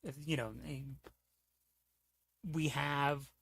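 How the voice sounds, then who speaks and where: A man's voice: on the high side, steady tone, drawn-out words, gravelly, fairly bright tone. A man streaming, ranting in a heated, profane, rambling way, often asking "you know what I'm saying". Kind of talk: casual livestream rant.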